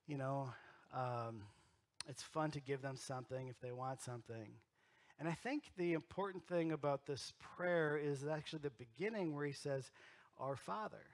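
A middle-aged man, a pastor, preaching a sermon in a church and telling stories, moving between loud emphasis and quiet, close moments. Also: a little high. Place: church sanctuary.

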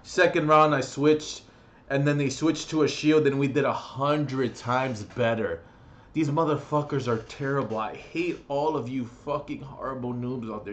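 A man's voice: fairly high pitch, measured pace, a bit bright, lo-fi sound. A young man ranting in a gaming vlog, swearing and angry, mocking other players in between. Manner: angry, profane ranting with mocking put-on quotes. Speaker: gaming vlogger.

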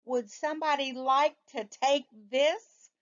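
A woman voicing a brisk, orderly father, in a dull lo-fi recording. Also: high voice, steady tone, a bit bright, voice pushed up. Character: fussy, practical father in a wet coat.

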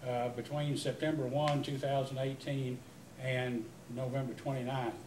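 At a public hearing, a utility commissioner questions a witness in an emphatic, rambling way with many restarts. His mid-range voice is level and moderately paced, and the distant mic in the echoey hearing room captures a noisy background.

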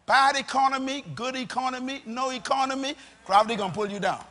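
A Bahamian man preaching a sermon, asking the crowd questions and answering them, dropping soft and then rising to loud emphatic lines. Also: very high voice, fairly even intonation, brisk, long reverb tail. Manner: emphatic, call-and-response questions, swings between soft and loud.

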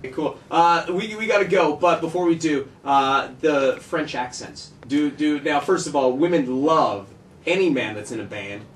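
A radio host with a fairly high voice jokes and teases his guests with upbeat energy. He sounds roomy and set back from the mic, with a faint hiss underneath. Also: moderate pace. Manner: jokey, teasing, upbeat. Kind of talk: playful interview banter. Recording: echoey room, distant mic, faint noise.

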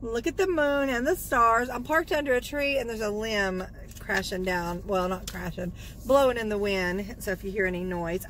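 A woman's voice: mid-range voice, moderate pace, hardly any pauses, a bit bright, a little hiss or hum, low-quality recording. A woman vlogger chatting casually from her parked car as she opens fan mail, gushing and repeating her thanks. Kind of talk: casual chat.

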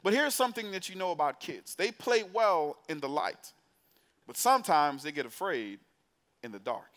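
A man's voice: on the high side, expressive, moderate pace, fairly bright tone. A man preaching to young adults in a church, telling a story in a playful, conversational way and putting direct questions to the congregation. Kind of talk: storytelling sermon. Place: church sanctuary.

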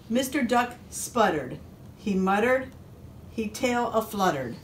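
A woman police officer reading a picture book aloud to a first grade class, expressive and adding asides to the children. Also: mid-range voice, slow, slight background noise.

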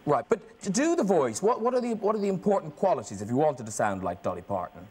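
A man's voice: fairly high pitch, sing-song, fast talker, a crowd in the background. A man with an Irish accent hosting a TV talk show, cheeky and teasing, laughing through his chat. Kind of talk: comic studio chat. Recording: TV studio with live audience.

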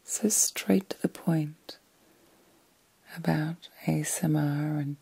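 Whispering middle-aged woman, gravelly and breathy. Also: low voice, fairly even intonation, dark tone, no echo. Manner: slow, soothing and reflective. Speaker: ASMR host. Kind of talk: whispered ASMR vlog. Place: in bed at night.

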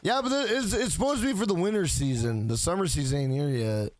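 A man's voice: on the high side, expressive, a little fast, no echo. A man streaming a game, chatting casually with his viewers in a joking, profane way. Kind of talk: casual gaming livestream chat.

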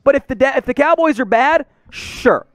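High, lively-voiced male sports host. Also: moderate pace, no echo. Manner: chatty, joking, emphatic. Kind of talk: casual sports commentary.

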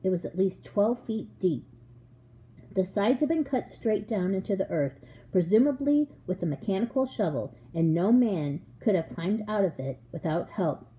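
A woman narrates a children's storybook aloud with expressive, measured pacing. Her voice is mellow and warm. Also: mid-range voice, low-quality recording. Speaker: audiobook reader.

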